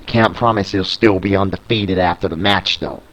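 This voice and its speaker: A man reading out the brash, cocky lines of a male wrestler eager for a match in his own low voice. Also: steady tone, normal speed, a bit bright, rough recording.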